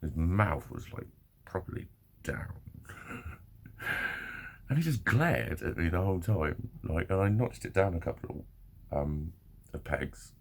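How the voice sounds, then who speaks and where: A man's voice: low-pitched, unhurried, gravelly, pauses often, breathy edge. A man telling a rambling personal story to camera, swearing often and laughing as he goes. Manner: swears freely, laughs often, animated retelling. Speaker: vlogger. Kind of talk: casual storytelling monologue.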